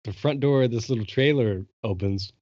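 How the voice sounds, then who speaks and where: A young man hosting a podcast, telling a long story in an excited, casual way and swearing freely. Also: medium pitch, moderate pace, no room sound, highs cut off. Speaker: podcast host. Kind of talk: casual chat.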